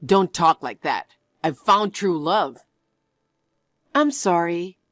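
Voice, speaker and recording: A woman's voice: on the low side, lively intonation, takes it slowly, dry recording. A woman voicing a smug, cheating young fiancé in a one-voice story narration, talking in a dismissive, self-justifying way.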